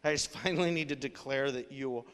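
A man's voice: medium pitch, a little fast, fairly bright tone, clean tone. A male pastor preaching a sermon in an earnest, conversational way, with casual fillers. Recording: long hall reverb.

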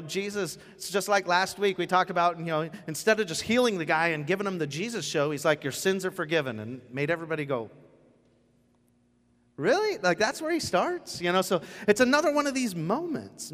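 Joking pastor in a reverberant church. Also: male voice, high-pitched, a little fast. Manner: joking, animated storytelling with lots of asides. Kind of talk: casual conversational sermon. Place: church sanctuary. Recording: church hall with long reverb.

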